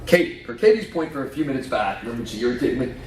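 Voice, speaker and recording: A man's voice: medium pitch, racing. Joking man giving a conference talk, echoey. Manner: lively, joking, quizzes the audience. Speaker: conference speaker. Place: conference room. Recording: echoey hall from far off, faint noise.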